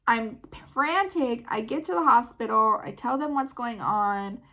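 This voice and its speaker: A mother vlogging, retelling a story in a casual, animated way full of "like". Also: a little high, unhurried. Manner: animated, filler-heavy retelling with many "like"s.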